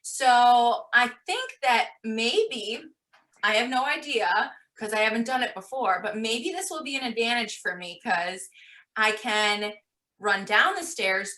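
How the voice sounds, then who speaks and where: A woman interviewing a runner in a casual way, chatty and quick to giggle, often restarting her sentences. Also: a little high, sharp tone.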